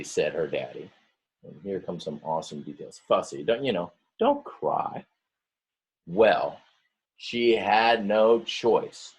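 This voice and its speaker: A man's voice: mid-range voice, animated, unhurried, darkish tone, slightly rough. A male teacher reading a picture book aloud to his students, stretching words, acting out the story voices and stopping often to explain details to the class.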